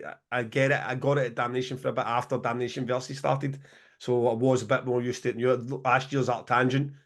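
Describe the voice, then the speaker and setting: A Scottish man co-hosting a podcast over a video call, talking fast, swearing and laughing often. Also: mid-range voice. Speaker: podcast co-host.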